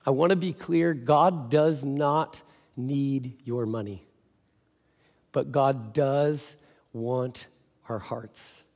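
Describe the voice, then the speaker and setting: A man's voice: medium pitch, very slow, pauses often, darkish tone. A male pastor giving a sermon in a casual, joking storytelling way. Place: church. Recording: echoey church hall.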